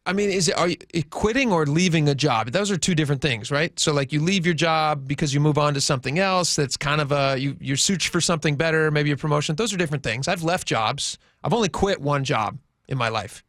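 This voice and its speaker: A man's voice: on the high side, fairly bright tone, dry recording, clean studio sound. A man co-hosting a radio talk show in an easygoing, reflective way. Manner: easygoing, reflective, quick to laugh. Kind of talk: casual radio banter.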